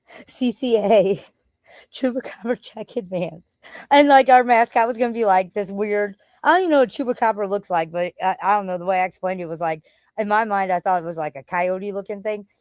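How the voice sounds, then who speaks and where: A woman's voice: medium pitch, a little fast, no room sound. A middle-aged woman chatting casually on a livestream at home, rambling and swearing offhandedly. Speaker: livestream host. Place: at home, walking out to the backyard.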